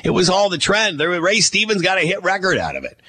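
A man's voice: sits high, huge pitch swings, fairly quick, bright, forceful tone, husky, dry recording. A man from Canada hosting a radio podcast, rambling in casual chat with chuckles and mock quotes.

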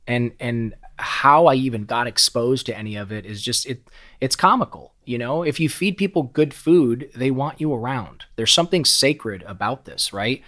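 A middle-aged man speaking as a podcast guest, at an ordinary mid-range pitch for a man. He tells stories in a raw, heartfelt way, swearing freely and stumbling over repeated words as he goes. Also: moderate pace, a bit bright. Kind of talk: candid conversational storytelling.

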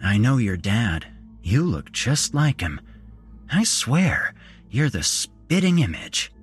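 A man's voice: medium pitch, sing-song, slow pace, slightly rough, soft background music, voice pushed up, full character voice. A man voicing a cheerful, creepy grown man who swings from jolly chatter to a hissing whisper. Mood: falsely jolly. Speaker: storyteller. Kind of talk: horror story narration.

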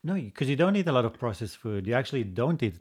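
A man co-hosting a podcast in casual chat, calmly explaining his side. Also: mid-range voice, fast, breathy edge. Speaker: podcast co-host.

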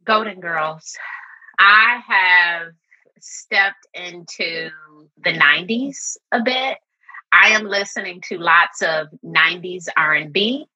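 A woman's voice: fairly low pitch, slow pace, pushed and bright, dull audio. A middle-aged woman speaking as a podcast guest in an earnest, open, conversational way, with frequent "like" fillers. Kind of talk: reflective casual conversation.

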